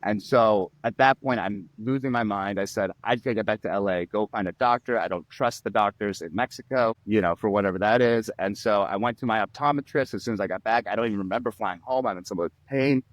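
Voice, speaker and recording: Animated storyteller man, lowish dry voice. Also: a little fast, hardly any pauses, dry recording. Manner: animated storyteller, acts out quotes and sound effects. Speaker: guest. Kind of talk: storytelling in a podcast interview.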